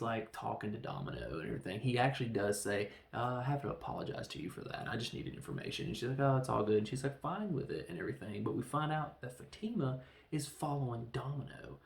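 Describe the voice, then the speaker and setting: A man hosting a casual film review podcast, rambling through the plot and briefly acting out characters in quick voices. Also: mid-range voice, expressive, gravelly, roomy sound. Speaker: podcast host reviewing films.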